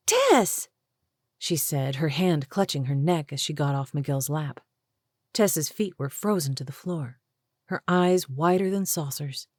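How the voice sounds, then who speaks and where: Low-voiced woman narrating an audiobook. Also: no room sound, studio quality. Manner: measured, even storytelling. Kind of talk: scripted narration.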